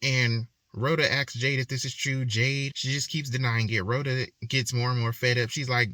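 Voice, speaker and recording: A young man recaps a novel in a loose, chatty way, slipping into the characters' lines as he goes. His voice is bright and a little tense. The sound is dry and close, with no room echo. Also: mid-range voice, fairly even intonation, normal speed, hardly any pauses. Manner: chatty, colloquial, acts out quotes. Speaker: book reviewer. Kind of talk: casual book recap.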